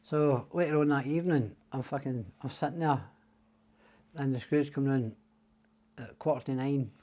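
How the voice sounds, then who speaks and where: A man's voice: medium pitch, moderate pace, warm tone. An older Scottish man, a podcast guest, telling stories in casual chat. He swears freely and acts out the voices of the people he quotes. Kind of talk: casual storytelling.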